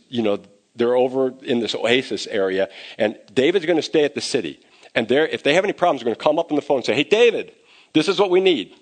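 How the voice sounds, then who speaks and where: A man preaching a sermon as pastor, conversational and growing animated as he retells scenes. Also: medium pitch.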